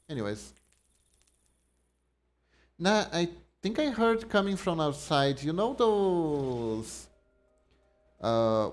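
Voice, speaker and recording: A man live-streaming a card game, reading card text aloud and chatting casually with his viewers. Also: mid-range voice. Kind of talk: casual live-stream chat while gaming.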